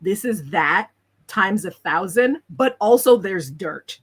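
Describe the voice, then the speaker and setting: A woman's voice: medium pitch, expressive, takes it slowly, breathy edge. A woman narrating as game master, describing scenes in a chatty way with lots of fillers.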